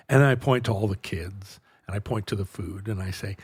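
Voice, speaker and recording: Speaking at a normal pace with barely any pauses, a middle-aged man hosting a podcast spins a long, meandering story, interrupting himself and voicing the dialogue. His lowish voice is steady, slightly mellow and a bit rough. It's a clean studio recording with no echo.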